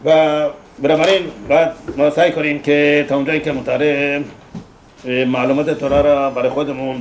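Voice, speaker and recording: A man, a rabbi, delivering a eulogy sermon in rapid, emphatic bursts with frequent hesitations. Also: mid-range voice, a little hiss or hum, low-quality recording.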